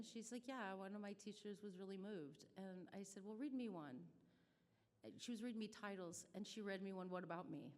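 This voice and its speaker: A middle-aged woman with a Midwestern American accent speaks at a charity brunch. She tells a story in a chatty, self-deprecating way, her pitch in a middle range. Her voice rings out with a long reverb through a banquet hall. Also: darkish tone. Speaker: nonprofit staff speaker.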